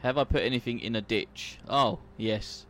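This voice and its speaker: A man's voice: mid-range voice, moderate pace, fairly bright tone, a little hiss or hum. A young man chatting while playing a farming game, joking and laughing through stories of his own accidents. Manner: jokey, laughing anecdotes. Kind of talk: casual gaming chat.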